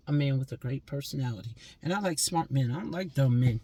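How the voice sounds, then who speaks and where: Blunt, husky-voiced woman in her sixties. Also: very deep voice, lively intonation, fast, few pauses, warm tone, no room sound. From Pennsylvania. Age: 60s. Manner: blunt, profane, lecturing. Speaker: vlogger. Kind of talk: scolding monologue to camera.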